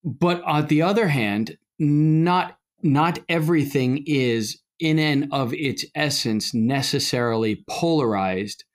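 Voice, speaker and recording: A man's voice: a little high, slow pace, few pauses. A middle-aged man, a priest co-hosting a podcast, talking in a casual, rambling way with many fillers and restarts. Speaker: podcast co-host, Orthodox priest. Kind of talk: casual conversational podcast talk.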